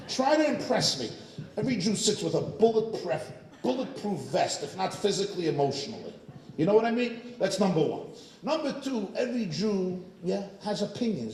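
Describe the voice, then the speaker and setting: A man, a rabbi, telling a humorous story to a synagogue audience, animated and joking, with frequent asides to the crowd. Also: high-pitched, roomy sound, low-quality recording. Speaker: rabbi, guest speaker. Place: synagogue hall.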